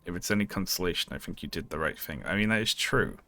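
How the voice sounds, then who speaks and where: A man's voice: low-pitched, quick pace, pushed and bright. Joking man commenting on a game stream. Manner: joking, sarcastic, laughs often. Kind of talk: casual live-stream commentary.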